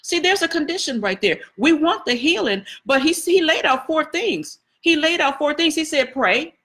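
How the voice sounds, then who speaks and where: A woman's voice: high-pitched, lively intonation, normal speed, bright, forceful tone. A woman preaching a sermon in a conversational style, repeating phrases and talking directly to her listeners. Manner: conversational preaching with repetitions and asides to the congregation. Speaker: prophetess preaching.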